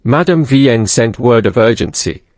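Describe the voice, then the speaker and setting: Man reading as a fastidious, precise Belgian detective. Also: medium pitch, expressive, no echo, studio quality, lightly acted. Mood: mild curiosity. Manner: soft, precise.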